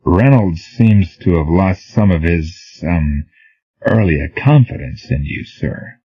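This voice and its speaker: A man's voice: low voice, animated, slow, breathy edge, no echo, full character voice. A man voicing a tactful, wry male soldier who speaks delicately, in a storybook reading. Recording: dull, dry, lo-fi.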